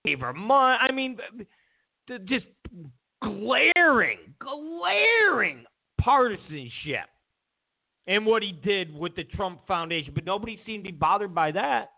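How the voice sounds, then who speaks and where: A high-pitched, gravelly male host rants through his political commentary, swinging his voice wildly up and down as he mocks his targets. He stammers and restarts often. The sound is thin and tinny, like a phone line. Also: animated, moderate pace. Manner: sarcastic and mocking, stammers and restarts, mimics opponents in exaggerated voices. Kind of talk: casual ranting political commentary.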